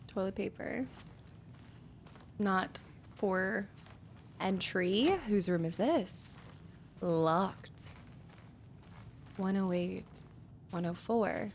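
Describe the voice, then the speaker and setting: A woman's voice: medium pitch, drawn-out words, pauses often, slight background noise. A young woman streaming a game, musing aloud as she explores and reading notes under her breath. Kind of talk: let's-play commentary.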